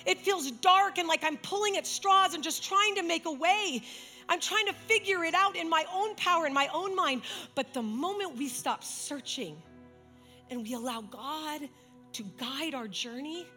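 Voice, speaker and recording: A woman preaching a sermon with passion, sinking to a soft hush when she retells a story. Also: very high-pitched, normal speed, soft background music. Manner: impassioned, dropping to a soft hush for dramatic retellings. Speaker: speaker. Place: church.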